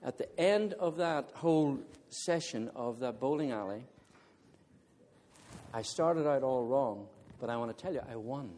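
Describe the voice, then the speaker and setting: A male preacher giving a sermon, telling a funny personal story in an animated way and often laughing as he talks to the congregation. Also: mid-range voice, a little slow, a little hiss or hum. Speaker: visiting preacher.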